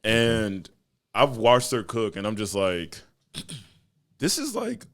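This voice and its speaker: A man's voice: fairly low pitch, huge pitch swings, slow, a bit bright. A man with a Texan accent hosting a podcast, joking and teasing his guests in casual chat, laughing often. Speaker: podcast host.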